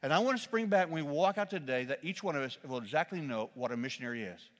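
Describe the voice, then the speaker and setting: A man, a pastor, preaching a sermon in a church, telling a humorous story with lively, shouted quotes. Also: a little high, quick pace, big-room sound.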